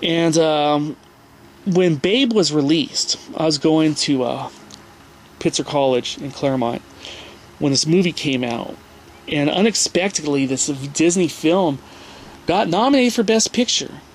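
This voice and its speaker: A rambling man in his forties talks through slides in a casual lecture, in a fairly high voice. He keeps checking in with his listeners with little "right?" and "okay?" tags. A faint hiss sits under his voice. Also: unhurried. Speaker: host giving a talk with slides.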